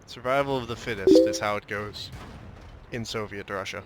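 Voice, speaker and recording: Over heavy background noise, a young man jokes through commentary on his own tank battle, drifting into a put-on Russian manner. He speaks at normal speed with a fairly low voice.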